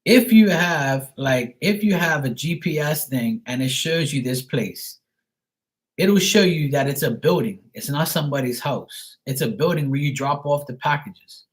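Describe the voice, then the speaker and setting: A man's voice: on the high side, expressive, unhurried, rough recording. A man from Bermuda ranting on a live stream, swearing often, exasperated and restarting his sentences. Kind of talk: casual live-stream rant.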